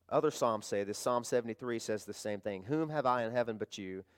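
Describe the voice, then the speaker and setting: A man's voice: mid-range voice, smooth. Male pastor, conversational sermon delivery, emotional, climbs to fervent emphasis.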